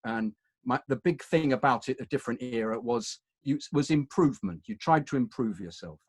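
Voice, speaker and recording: A man's voice: mid-range voice, expressive, fairly quick, slightly rough, dry recording. An English man with an upper-class accent, an actor reminiscing in a digressive, anecdotal way. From England. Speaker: actor, guest. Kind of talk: conversational reminiscing.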